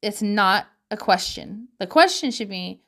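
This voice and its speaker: A woman's voice: mid-range voice, lively intonation, unhurried, fairly bright tone. A woman talking casually at home to her viewers about parenting, candid and swearing freely, with frequent laughter. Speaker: parent sharing parenting advice.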